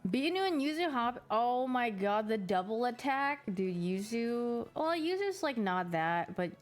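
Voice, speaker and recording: A woman's voice: on the high side, big pitch swings, unhurried, soft background music. A young woman streamer chatting casually about her pets, giggly and playful, putting on little voices for them.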